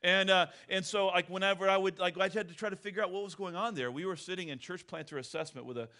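A man's voice: high-pitched, fast talker, sharp tone. Middle-aged guy preaching, chatty and candid, telling stories from his own life. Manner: conversational, candid storytelling. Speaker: pastor. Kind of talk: sermon.

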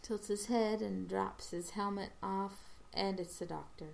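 A woman casually recapping a TV episode, halting with restarts and briefly acting out the characters' lines. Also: mid-range voice, fairly even intonation, vocal fry, darkish tone, a little hiss or hum.

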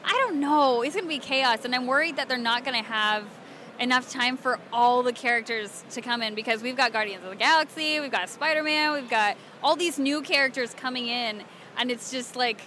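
A young woman from Alabama, a cosplayer and voice actress, chatting excitedly and giggling through a convention interview. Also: on the high side, brisk, a little hiss or hum. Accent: Southern American. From Alabama, USA. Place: convention floor.

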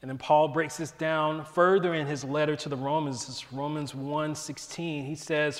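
Man, preacher, casual animated Bible teaching, fairly high voice, long hall reverb. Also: moderate pace. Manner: casual and animated, often asks "right?".

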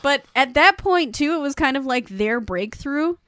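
A woman's voice: high voice, moderate pace, no room sound, clean studio sound. A woman co-hosting a casual podcast, retelling a show scene by scene and acting out the characters' lines. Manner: animated, acts out characters' lines in quotes. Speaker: podcast co-host recapping a show. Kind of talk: casual chat.

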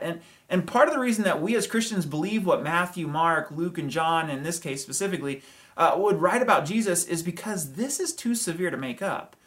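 In a medium-pitched voice, a pastor explains a passage in an easygoing, talky sermon. His conversational style mixes hedges and chuckles with frequent rhetorical questions and brief asides.

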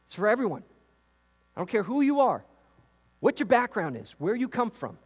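Man from New York, lively preacher in a reverberant sanctuary, higher pitch. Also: moderate pace, breathy edge. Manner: animated preaching with repetitions and asides to the congregation. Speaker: pastor. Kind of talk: sermon. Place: church sanctuary.

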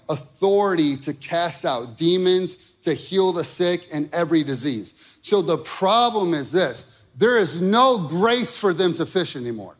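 A man preaching a sermon, conversational and direct, checking in with the listeners often. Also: on the high side. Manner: conversational preaching with frequent okay and right. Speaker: pastor.

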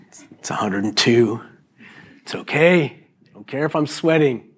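A middle-aged man preaching a sermon in an animated, jokey way, acting out little voices as he goes. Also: medium pitch, unhurried, slightly rough. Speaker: pastor.

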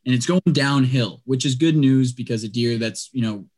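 A young man on a podcast tells a lengthy story in a relaxed, chatty manner, his mid-range voice moving at a normal speed. He's animated throughout and keeps dropping "like" and "dude."

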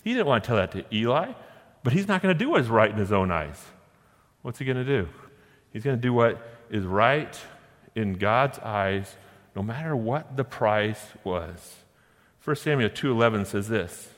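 A man preaching a sermon, posing rhetorical questions and slowing down to stress scripture verses. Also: on the low side, very animated. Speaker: pastor. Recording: long hall reverb.

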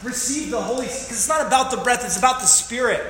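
A man preaching a sermon as pastor, animated and joking, acting out the scenes he describes. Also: very high voice, fast, slight background noise. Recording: echoey hall with faint room ambience.

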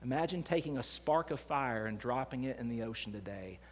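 A man preaching a sermon as pastor, swinging between hushed and emphatic delivery. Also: medium pitch, expressive, a little fast. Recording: long hall reverb.

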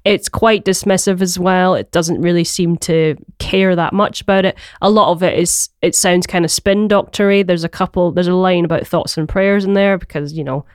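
A songwriter from Glasgow, Scotland, chats casually as a podcast guest in a broad Glaswegian accent, rambling and hesitant with plenty of ums and laughter. His mid-range voice holds a fairly even intonation at a moderate pace with few pauses. The tone is clean, and the studio recording has no echo.

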